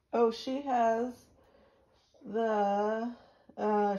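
A woman's voice: fairly high pitch, fairly even intonation, extremely slow, long pauses, low-quality recording. A woman vlogging in a casual, rambling way, talking to her viewers and cooing at her pet. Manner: chatty, rambling, with gentle baby talk to her pet. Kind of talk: casual chat to camera.

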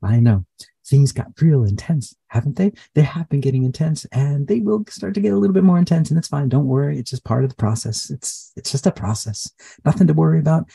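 A man's voice: a little high, lively intonation, fairly quick, creaky, dark tone, husky, no room sound, voice pushed up, exaggerated voice. A man channeling a playful, cheerful male spirit being in a live session, repeating himself and reassuring listeners. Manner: bubbly, repetitive, reassuring.

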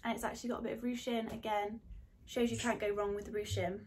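A young woman describing dresses in a relaxed, hesitant way with many ums. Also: mid-range voice, fast, a little hiss or hum. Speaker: fashion vlogger. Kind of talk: casual haul chat.

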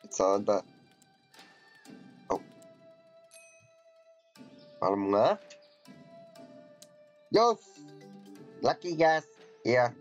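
A man giving offhand, jokey commentary while playing a game and reading its dialogue aloud. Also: medium pitch. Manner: jokey, offhand, mutters asides. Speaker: gameplay commentator. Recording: dull lo-fi with faint game music.

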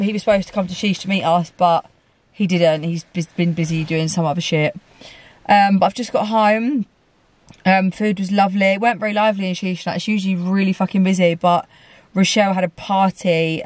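A woman's voice: lowish voice, darkish tone, no room sound. A woman vlogging to camera in a chatty, loose way, with lots of ums and casual swearing. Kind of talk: casual vlog chat to camera.

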